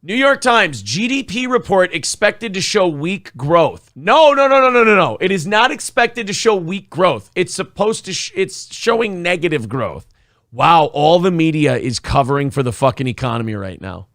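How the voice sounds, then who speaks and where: A man's voice: a little high, very animated, moderate pace, fairly bright tone, no echo, clean studio sound. A man co-hosting a casual morning show, sarcastic and profane, often mock-outraged. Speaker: podcast co-host. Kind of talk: casual chat.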